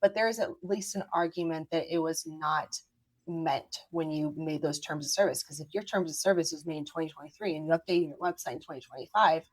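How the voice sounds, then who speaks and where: Dry-sounding, lower-voiced woman attorney explaining. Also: no echo. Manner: explanatory, advising, steady run of points. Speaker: attorney guest. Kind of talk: podcast interview.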